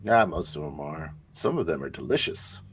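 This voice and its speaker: A man's voice: extremely low pitch, big pitch swings, moderate pace, a bit bright. A man playing in a casual tabletop role-play, joking and laughing, mimicking beeps. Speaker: player.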